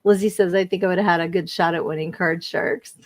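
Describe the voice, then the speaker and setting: A woman's voice: lowish voice, fast, dry recording. Woman, forties, stream host, casual chatter, reads viewer comments, laughs a lot, dry close sound. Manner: chatty and animated, heavy use of "like", laughs often. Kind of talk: casual live-stream chat, reading chat comments.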